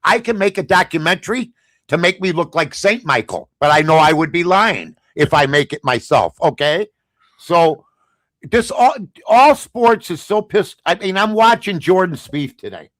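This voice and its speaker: A man hosting a sports talk show, ranting bluntly and sarcastically, swinging between low mutters and loud outbursts. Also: lively intonation, moderate pace, dry recording. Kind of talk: opinionated sports talk rant.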